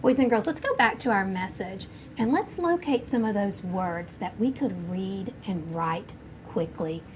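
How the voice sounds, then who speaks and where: A woman teaching a first grade class, slowly sounding out words and encouraging the children. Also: medium pitch. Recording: noisy classroom recording.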